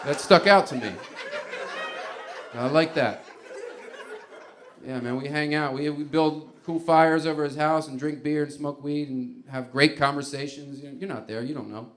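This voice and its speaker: A man's voice: fairly high pitch, steady tone, moderate pace, pauses often, a crowd in the background, noisy background. A man doing a stand-up comedy set, rambling and chuckling with many fillers.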